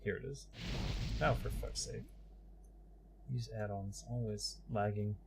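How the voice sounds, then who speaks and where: Speaking slowly in a lowish voice, with a bit of background noise behind him, a middle-aged man plays a game live and talks to himself under his breath. He then chats openly with viewers; he's a game streamer and voice-over narrator in casual stream chat.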